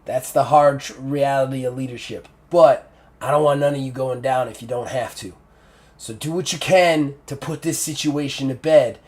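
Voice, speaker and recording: A man voicing a gruff, weary male commander giving blunt, urgent orders in a live-play tabletop game. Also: medium pitch, fairly even intonation, moderate pace, a little mellow, close to an everyday voice.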